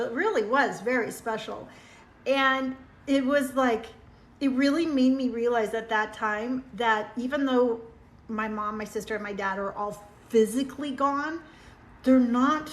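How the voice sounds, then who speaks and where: Middle-aged woman host, fairly high voice, sincere and rambling, phone mic in an echoey room. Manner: heartfelt, meandering storytelling while reading out viewer comments. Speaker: livestream host. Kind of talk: casual livestream chat.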